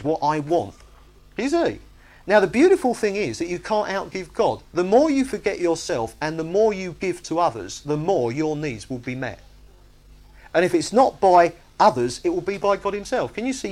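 Guy preaching a sermon, really animated, voice jumps all over, keeps asking "you see?". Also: high voice. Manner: animated, emphatic, asks the congregation "you see?".

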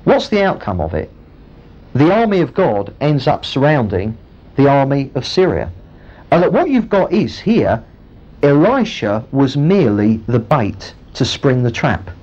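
A man preaching a sermon, retelling a Bible story with lively storytelling. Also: fairly high pitch, measured pace. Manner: storytelling, animated, acts out the characters. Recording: muffled lo-fi recording.

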